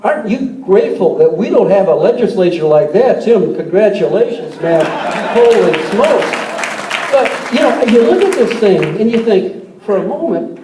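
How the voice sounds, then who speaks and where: A man's voice: high-pitched, lively intonation, normal speed, warm tone. A man in his sixties giving a folksy, joke-filled political speech to an audience in a large hall. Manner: folksy, tells jokes, repeats words. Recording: echoey hall, distant mic, crowd noise.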